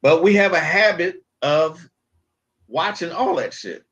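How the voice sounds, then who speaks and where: A man with a slightly raised pitch rants on a livestream. He hammers his points through repetition and slips into mock-pompous, jargon-heavy phrasing. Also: animated, measured pace, a bit bright, lo-fi sound. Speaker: livestream host. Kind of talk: casual livestream rant.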